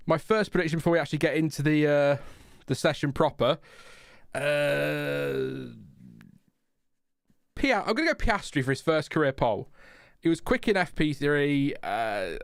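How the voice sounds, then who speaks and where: A man's voice: a little high, smooth, no echo, studio quality. A man hosting a casual live watchalong, rambling and chatty with lots of fillers and laughs. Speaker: livestream host.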